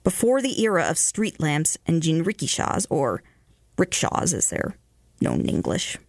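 A woman radio host reading ghost stories aloud in a measured way, slowing and hushing for the eerie parts. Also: sits low, huge pitch swings, no room sound, studio quality. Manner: measured, slows and hushes for eerie moments.

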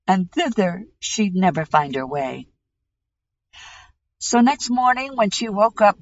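A woman host reading a fairy tale aloud in a measured, unhurried storytelling manner. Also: mid-range voice, a little mellow. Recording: dull lo-fi recording.

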